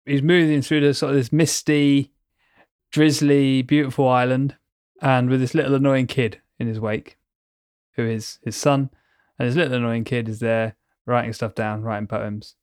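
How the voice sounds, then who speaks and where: A man chats casually, rambling and playful, spinning vivid word pictures as he goes. His voice sits at a middle pitch. It is recorded close and dry, with no room sound. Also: little pitch movement, normal speed, darkish tone, smooth, no room sound. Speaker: podcast co-host. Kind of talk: casual chat.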